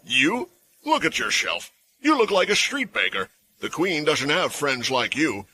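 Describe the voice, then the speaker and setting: A man's voice: on the high side, big pitch swings, measured pace, sharp tone, pitched above the performer's own voice, full character voice, low-quality recording. A man doing a sneering guard captain. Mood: mocking. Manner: mocking. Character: scornful male guard captain, blunt and dismissive.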